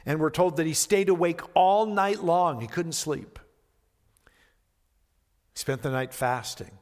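A man preaching with a slightly high voice, reading scripture with dramatic emphasis before dropping into an easy, conversational aside. His sermon rings out through a large church hall with a long reverb tail. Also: a little slow. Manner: conversational, reads scripture dramatically then comments. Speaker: pastor. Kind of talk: expository sermon.

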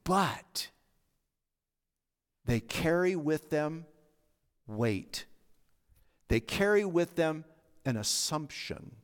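A middle-aged man preaching a sermon as a pastor, earnest and anecdotal, moving between emphatic points and soft, quiet asides. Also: on the high side, expressive, very slow, long pauses, clean tone. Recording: long hall reverb.

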